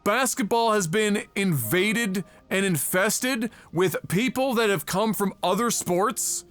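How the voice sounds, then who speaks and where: Sarcastic, high-voiced Canadian streamer man. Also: slow pace, a bit bright, soft background music. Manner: sarcastic, exasperated, heavy swearing. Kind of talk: profane ranting commentary on a live stream.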